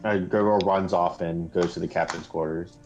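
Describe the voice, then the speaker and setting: A man playing in a tabletop game, excitable and full of quick questions. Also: sits low, muffled recording, music in the background. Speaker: player. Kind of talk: tabletop role-play chat.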